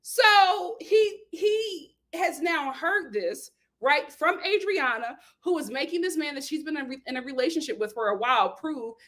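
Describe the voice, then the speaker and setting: A woman casually recapping a reality TV episode, animated, acting out quotes and laughing often. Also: sits high, unhurried, few pauses. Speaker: reality TV commentator.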